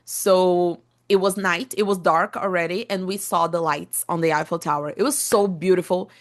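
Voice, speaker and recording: A woman's voice: lowish voice, steady tone, normal speed. A young woman with a Brazilian Portuguese accent, a native Portuguese speaker, chatting enthusiastically as a podcast host, with many fillers and restarts. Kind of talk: casual podcast monologue for English learners.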